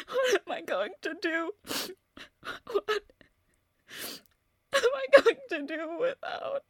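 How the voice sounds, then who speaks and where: A woman performs a heartbroken young woman in a radio drama, her very high voice cracking with tears. She talks slowly, halting and restarting her sentences, caught between grief and rage. The sound is close and dry. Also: a bit bright, no echo, exaggerated voice. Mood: tearful. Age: young adult. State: tearful, voice breaking. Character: grieving young woman, distraught, bent on revenge. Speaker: voice actor. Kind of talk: audio drama monologue.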